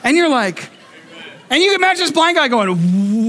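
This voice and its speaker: A man pastor preaching a sermon, telling a story with lively acted-out voices and frequent restarts. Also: extremely high pitch, normal speed, a faint crowd. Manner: animated storytelling, acting out voices; repeats words when starting thoughts.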